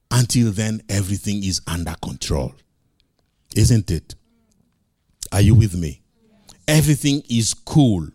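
A man's voice: low-pitched, a little mellow, husky, no room sound, studio quality. A male pastor preaching a sermon, emphatic and repeating key phrases.

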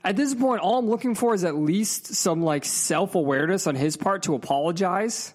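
A man's voice: high voice, animated, brisk. Man, casual vlog rant, swearing a lot, heated and emphatic, talks straight to the viewer. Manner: digressive, with asides to the viewer. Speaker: vlogger.

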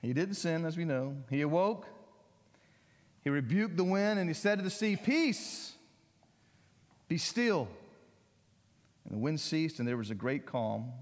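Pastor preaching in a reverberant sanctuary. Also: male voice, animated, normal speed, darkish tone. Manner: conversational storytelling, rising pitch when voicing others. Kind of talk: sermon. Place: church sanctuary. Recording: long hall reverb.

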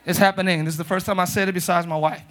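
Male pastor, high bright voice, comic shouting sermon, live church. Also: little pitch movement, rapid-fire. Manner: playful, shouting, mimics churchy prayer voices. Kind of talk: comedic sermon to a live congregation. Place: church sanctuary.

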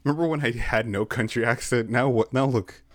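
A man's voice: medium pitch, fairly quick, no echo. A young man chatting casually and tossing in joking, wry asides. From Canada. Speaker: co-host. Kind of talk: casual chat.

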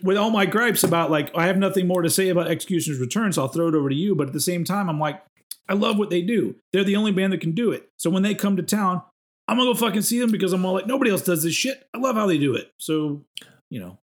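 A man's voice: high-pitched, fast talker. A man co-hosting a podcast, chatting casually in a rambling, self-mocking way. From Texas. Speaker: podcast co-host. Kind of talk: casual chat.

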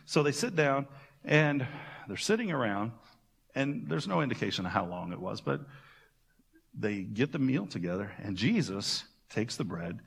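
Animated pastor in a reverberant hall. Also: male voice, mid-range voice, normal speed, creaky, husky. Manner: animated, casual storytelling with playful asides. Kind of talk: sermon.

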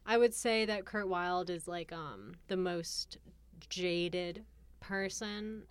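A woman's voice: lowish voice, slow pace, clear, resonant tone, dry recording. A woman co-hosting a podcast, chattily recapping a film plot with laughs. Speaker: podcast co-host. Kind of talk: casual film discussion.

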